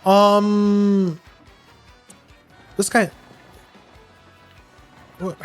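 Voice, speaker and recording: A man's voice: a little high, moderate pace, long pauses, darkish tone, faint music behind. A man live-streaming a game, making casual, slangy joking asides to his viewers.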